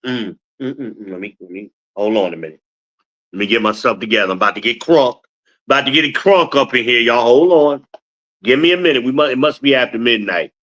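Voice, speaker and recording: A man's voice: mid-range voice, animated, a little fast, a bit bright, highs cut off. A man hosting a casual livestream podcast, rambling and swearing, often raising his voice into an authoritative tone. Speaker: podcast host. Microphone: phone.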